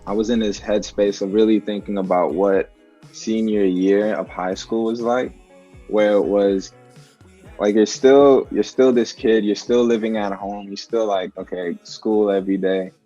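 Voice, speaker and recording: With faint music behind him, this young musician guest reflects unhurriedly in a casual video-call interview, relaxed and full of filler words, especially "like." His voice has a fairly low pitch, and the call audio is dull and lo-fi.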